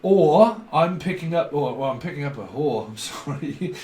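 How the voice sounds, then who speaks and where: A man's voice: fairly high pitch, lively intonation, moderate pace, darkish tone. Rambling man, roomy far-off sound. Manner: free-associating, swearing, frequent fillers. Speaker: tarot reader. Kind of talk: rambling psychic reading.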